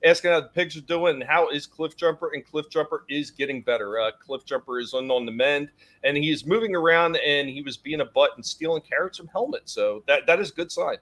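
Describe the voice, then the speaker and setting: A man with a slightly high, brisk, somewhat bright voice hosts a casual live-stream chat. Jokey and rambling, he cusses and reads out chat viewers' names to greet them.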